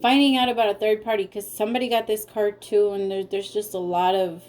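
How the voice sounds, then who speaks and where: Woman tarot reader, mellow warm tone, emotional and direct with viewers. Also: medium pitch, steady tone, a little fast. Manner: emotional, talks straight to viewers. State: tearful. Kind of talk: casual spoken tarot reading.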